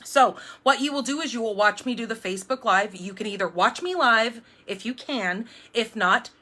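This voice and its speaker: A chatty middle-aged woman hosts a live card-making stream from her home craft room. Her voice sits a bit high and sounds bright and lively. She rambles cheerfully, stacking fillers and restarts. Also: moderate pace. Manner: jumpy, self-described.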